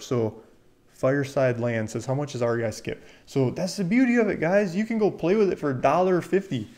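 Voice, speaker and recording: A man talks casually to his livestream viewers in a warm, mellow voice. He is chatty and excitable, laughing often as he goes. He reads out viewer comments along the way. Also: mid-range voice. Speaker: livestream host, land dealer.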